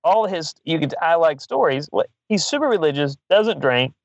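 A man's voice: on the high side, animated, normal speed, dry recording, highs cut off. A man telling a long funny story in casual chat, swearing freely and laughing often. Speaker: podcast guest.

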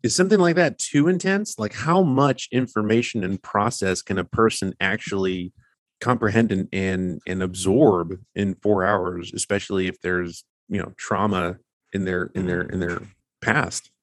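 A man's voice: low-pitched, normal speed, no echo. A man hosting a faith podcast in casual chat, friendly and upbeat. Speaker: podcast host.

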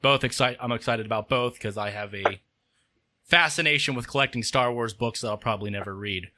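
A man hosting a casual podcast who talks in a relaxed, slightly rambling way as he moves to the next topic. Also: mid-range voice, fairly quick, noisy background. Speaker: podcast host.

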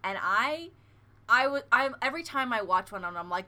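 A woman co-hosts a relaxed conversation, her voice bright and a little high. She laughs easily and tends to trail off and start her sentences over. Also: moderate pace, slight background noise. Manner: giggly, animated storyteller; trails off and restarts mid-sentence. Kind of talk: casual chat.

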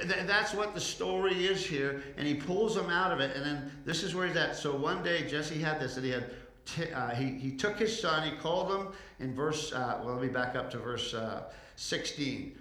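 Male preacher, bright forceful voice, chatty delivery full of restarts. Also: on the high side, moderate pace, roomy sound. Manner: conversational, stumbling restarts, acts out scripture quotes. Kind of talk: sermon.

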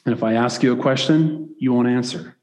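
A man's voice: mid-range voice, brisk, darkish tone, long reverb tail. A man preaching a sermon, reading scripture aloud and breaking off into casual asides that keep asking "right?".

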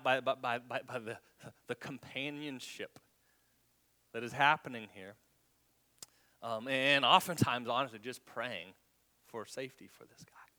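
Here a man of medium pitch preaches with a pushed, bright sound. Words come out in stumbling repeats as he hunts for them, and his voice sometimes falls to a dramatic whisper.

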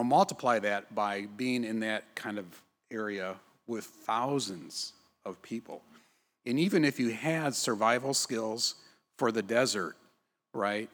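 Male pastor, conversational sermon delivery, slightly low and husky, reverberant church hall. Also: fairly bright tone. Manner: conversational, frequent tag questions.

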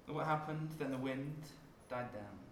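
A man preaching a sermon, dropping to a hush and rising to loud emphasis as he tells the story. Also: medium pitch, moderate pace, reverberant, a little hiss or hum. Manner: dramatic shifts from hushed to loud when acting out scenes.

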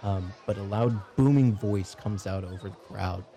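A man running a tabletop game as game master, narrating in a relaxed way with frequent filler words. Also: fairly low pitch, moderate pace, background noise.

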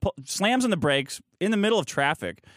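A man's voice: sits high, expressive, brisk, fairly bright tone, dry recording. A man telling a profane, mocking story as a podcast guest, close to the mic.

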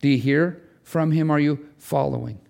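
A man preaching to his congregation, his voice sitting a little above the usual male range. He is earnest and pleading, and his pitch swings wide as he urges his listeners on. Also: normal speed, gravelly, a little mellow. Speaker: pastor. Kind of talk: sermon. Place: church sanctuary.

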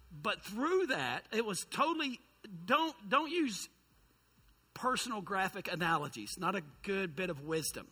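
Bright, husky preacher man. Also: high voice, normal speed. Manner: lively, humorous, self-mocking storyteller. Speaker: youth pastor. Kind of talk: sermon storytelling.

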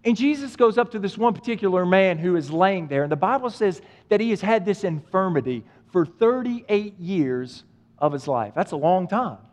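A man's voice: high voice, expressive, moderate pace, darkish tone. A male pastor preaching a sermon, speaking with emphatic repetition and addressing the listeners directly. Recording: long hall reverb.

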